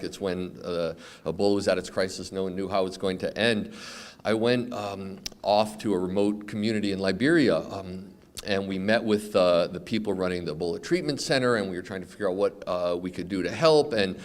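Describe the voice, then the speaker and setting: Halting, low-voiced man in his fifties. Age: 50s. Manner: halting, with many fillers and restarts; earnest and heartfelt. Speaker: award recipient. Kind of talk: acceptance speech. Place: awards event.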